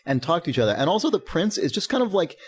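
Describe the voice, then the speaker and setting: A man's voice: on the high side, sing-song, racing, breathy edge. A man co-hosting a podcast, talking casually and animatedly, swearing freely and laughing often. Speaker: podcast co-host. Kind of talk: casual chat.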